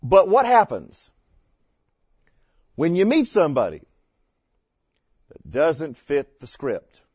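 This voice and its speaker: A man's voice: fairly high pitch, wildly swooping pitch, slow, a little mellow, husky, dry recording. A man teaching an evangelism class in a conversational lecture style, punchy and full of rhetorical questions. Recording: dull dry lo-fi lecture recording.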